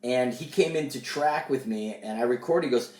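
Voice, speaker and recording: Casting: male musician-producer, lively storyteller, echoey room, mic a bit distant. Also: moderate pace. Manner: animated, acts out quoted voices higher. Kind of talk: casual storytelling chat.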